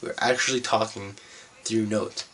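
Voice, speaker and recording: A man's voice: on the low side, steady tone, normal speed, bright, forceful tone, slight background noise. A young man from Canada vlogging, telling a rambling, profane story in a laid-back way. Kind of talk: casual storytelling vlog.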